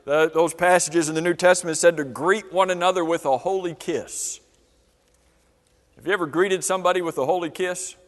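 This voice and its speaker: A man's voice: high-pitched, steady tone, normal speed. A man teaching a church Bible class, asking the class question after question. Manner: asks the class many questions. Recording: long reverb of a church hall.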